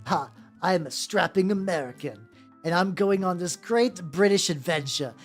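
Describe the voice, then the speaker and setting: A woman's voice: lowish voice, animated, moderate pace, soft background music, natural voice. A woman voicing a brash, boastful American adventure hero in a hammy, old-movie way.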